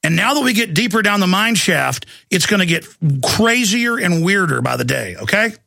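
A man's voice: high voice, expressive, moderate pace, gravelly, sharp tone, dry recording, clean studio sound. A man hosting a talk show, delivering an emphatic, alarmist rant. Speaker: talk radio host. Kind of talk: ranting commentary.

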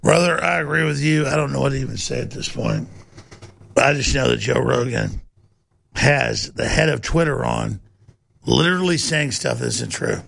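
A man hosting talk radio with a deeply gravelly, husky voice. He rants in heated bursts and hammers the same questions again and again. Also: normal speed, fairly bright tone. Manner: heated, repetitive, rhetorical questions. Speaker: radio talk show host. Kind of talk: loud talk radio rant.

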